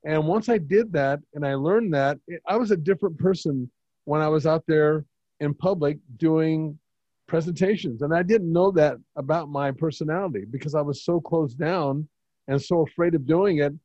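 A man's voice: fairly high pitch, moderate pace, dark tone, dry recording, lo-fi sound. A man hosting an interview, asking questions in a conversational, encouraging manner. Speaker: host, interviewer. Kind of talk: casual interview chat.

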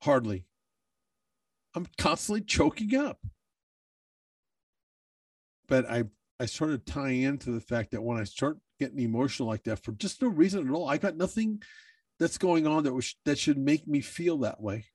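A man's voice: medium pitch, brisk, a little mellow, slightly rough, dry recording, distant mic. A man who is a bodybuilder, talking in a candid personal monologue, emotional and swearing freely.

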